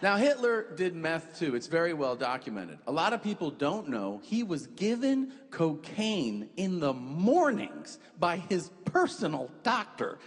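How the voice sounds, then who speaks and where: A man in his forties doing a stand-up comedy set, telling stories with profanity and quick voices for the people in them. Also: a little high, long reverb tail. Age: 40s. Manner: animated, profane storytelling with quick put-on voices.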